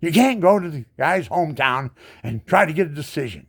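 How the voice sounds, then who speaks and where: A disabled veteran in his seventies rants angrily to the camera, his voice a little high and a little fast with lively intonation and a breathy edge. His indignant monologue is packed with rhetorical questions and repeated words.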